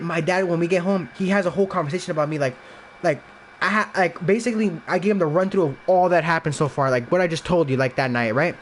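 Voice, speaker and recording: High-voiced young man telling a story. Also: a little hiss or hum. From Los Angeles area, USA. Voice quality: heavy filler "like", profane, rambling restarts. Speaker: podcast guest. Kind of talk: casual storytelling chat.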